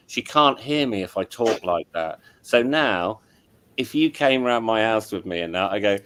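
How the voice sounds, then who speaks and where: A man's voice: fairly low pitch, lively intonation, normal speed, a bit bright, slight background noise. A middle-aged man, hosting a casual chat as an audio engineer, rambling and apologetic with many restarts. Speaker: show host and audio engineer.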